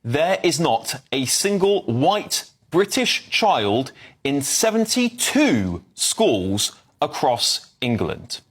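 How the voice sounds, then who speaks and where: A man reading out statistics in a measured, pointed way, then asking rhetorical questions. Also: on the high side, sing-song, a bit bright, husky. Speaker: online commentator.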